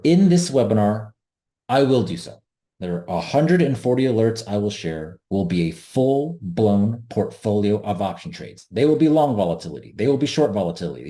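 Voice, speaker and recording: A man with a fairly low, mellow voice presents an online trading webinar. He talks earnestly, leans on his key points and repeats them for emphasis, as if speaking into a close desk mic. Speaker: webinar host, options trader.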